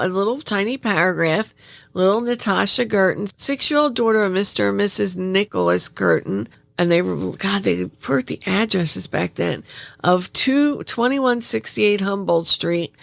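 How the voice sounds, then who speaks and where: A woman's voice: mid-range voice, vocal fry, a bit bright, no echo. A woman host telling a true life story in a chatty way, full of asides and restarts. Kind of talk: casual true-story narration.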